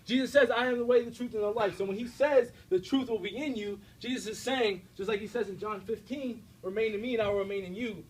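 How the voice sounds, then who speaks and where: A young American man giving an energetic, direct faith talk to a student audience, often checking in with his listeners. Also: high voice, fast, hardly any pauses, slight background noise, low-quality recording. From United States. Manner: energetic, direct, preachy, with frequent checks like "all right?". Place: university room before an audience.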